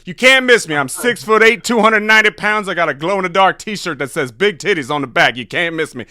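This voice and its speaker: A man voicing a fake huge man lost in the woods, in a loud, pushy prank-call voice. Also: sits high, animated, brisk, no room sound, clean studio sound, voice pushed up, full character voice.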